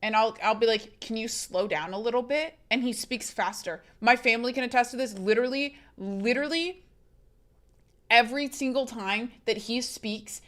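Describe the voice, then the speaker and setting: A woman's voice: on the high side, a bit bright. A young woman streamer chatting casually with her live chat, reading comments aloud and rambling with many restarts.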